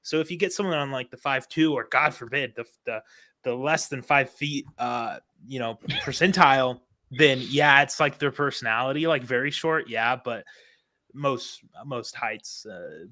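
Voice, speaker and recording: A man talking on a stream panel in a rambling, animated way, full of fillers. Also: medium pitch, moderate pace. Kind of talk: casual chat.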